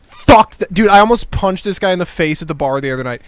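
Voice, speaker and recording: A man co-hosting a comedy podcast, telling animated stories with swearing and constant calls of "dude". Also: high-pitched, fast talker, a crowd in the background. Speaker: podcast co-host. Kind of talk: casual chat.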